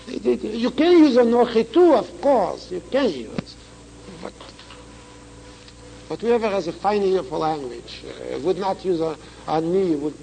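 High gravelly old-school teacher guy, rushes the hebrew then explains slow, faint hum behind. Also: mellow, poor audio. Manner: chants Hebrew quickly, then explains slowly with repetitions. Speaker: Torah teacher. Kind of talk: Talmudic lecture with text reading.

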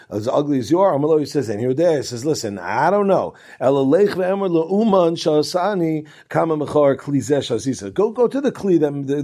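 A man's voice: a little high, dark tone. A man teaching a Talmud class, reading each passage aloud and then explaining it in casual English, with asides and restarts.

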